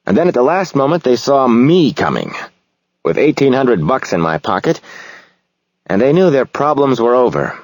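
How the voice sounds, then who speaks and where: Man voicing proud puzzled biker, defensive, plaintive, lively pitch, dry sound. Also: normal speed, no room sound, highs cut off. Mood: confessional.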